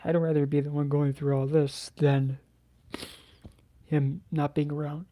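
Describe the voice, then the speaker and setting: A soft-spoken man recounts a personal story to camera, his voice mellow and dark. He speaks haltingly, restarting phrases and sighing often, and his pitch stays flat and level. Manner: halting, hesitant, with many restarts and sighs. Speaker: channel host.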